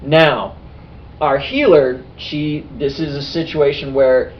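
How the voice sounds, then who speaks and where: Guy game master retelling his table's session, animated, fairly high voice, dull lo-fi sound. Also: takes it slowly, a little hiss or hum. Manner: animated storytelling. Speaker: game master and podcast host. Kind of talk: casual recap of a tabletop game.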